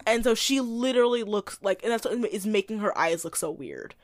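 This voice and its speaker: With a medium-pitched, lively voice, this podcast co-host talks briskly in studio-quality audio with no echo. She recaps a movie in a casual, snarky chat, frequently breaking into laughter.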